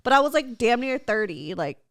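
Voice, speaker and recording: A woman around thirty hosting a podcast in casual chat. She is chatty, fills her talk with "like", and puts on high voices to quote people. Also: very animated, brisk, dry recording, studio quality. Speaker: podcast host.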